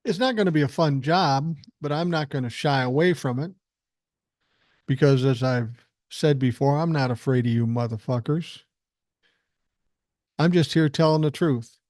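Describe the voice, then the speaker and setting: A man's voice: fairly high pitch, moderate pace, long pauses, a little mellow, no room sound, studio quality. An older man hosting a solo podcast, talking bluntly and emphatically, with frequent swearing. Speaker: podcast host. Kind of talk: solo political podcast monologue.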